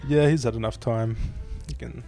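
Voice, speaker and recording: A man's voice: mid-range voice, steady tone, normal speed, creaky, mellow, soft background music. A man in a casual chat, laid-back, giving brief replies and laughing often.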